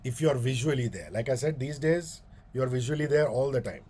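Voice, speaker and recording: A man, a radio host giving a guest talk on speaking like a leader, animated, switching between slow, stressed phrases and quick asides. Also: medium pitch, slightly rough.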